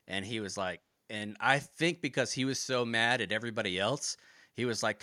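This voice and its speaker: Man, former Marine, casual profane storytelling, bright tone, dry close mic. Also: medium pitch, a little fast, no room sound. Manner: profane, animated retelling with quoted dialogue. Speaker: podcast guest, former Marine.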